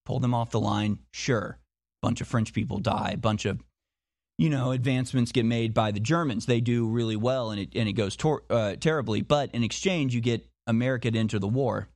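A man's voice: mid-range voice, moderate pace, darkish tone, no room sound. Insistent man, dry close sound. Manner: insistent, repeating rhetorical questions; restarts and stumbles often. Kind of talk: monologue commentary.

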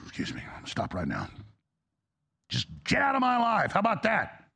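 A man's voice: high-pitched, huge pitch swings, a little fast, sharp tone. A male talk show host delivering an angry, exasperated political rant, blunt and profane. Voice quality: gravelly.

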